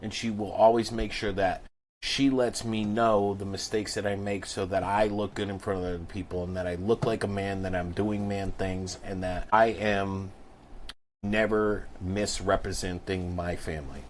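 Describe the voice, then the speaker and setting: A man's voice: sits low, fairly even intonation, moderate pace, a little hiss or hum. A man co-hosting a podcast, talking earnestly and emphatically in a candid conversation. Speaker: podcast co-host.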